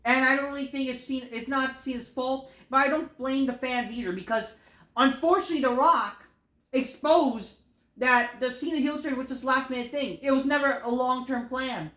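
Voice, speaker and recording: A woman's voice: high-pitched, normal speed, fairly bright tone. A woman ranting through a wrestling show review, exasperated and full of swearing. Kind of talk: solo review rant. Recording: roomy echo.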